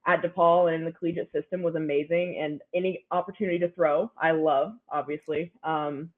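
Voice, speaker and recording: A woman's voice: deep voice, fairly even intonation, fairly quick. A young woman in her twenties, an athlete guest giving upbeat, chatty interview answers full of "like"s. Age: 20s. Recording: phone-like narrow line.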